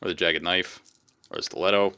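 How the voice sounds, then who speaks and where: A man's voice: sits low, steady tone, brisk, sharp tone, smooth. A man casually commenting on a game as he plays and reads its text aloud. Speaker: game streamer.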